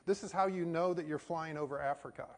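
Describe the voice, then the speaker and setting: Folksy American pastor in echoing hall. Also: male voice, fairly high pitch, quick pace. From United States. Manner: folksy storytelling with many fillers. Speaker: missionary pastor. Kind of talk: sermon with personal story. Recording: hall reverb.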